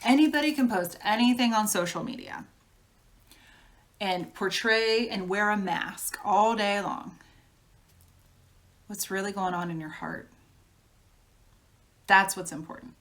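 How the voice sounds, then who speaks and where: A woman's voice: mid-range voice, unhurried, pauses often, a bit bright. A woman giving a casual tarot reading, talking frankly in a chatty way and laughing often. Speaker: tarot reader.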